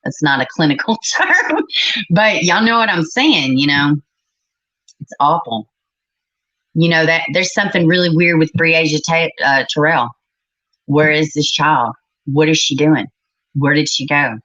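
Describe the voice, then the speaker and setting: A middle-aged woman hosts a casual livestream, talking bluntly to her chat and cursing in exasperation. Her voice sits on the low side. The recording is a little dull and muffled. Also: measured pace, pauses often, sharp tone. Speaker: livestream host.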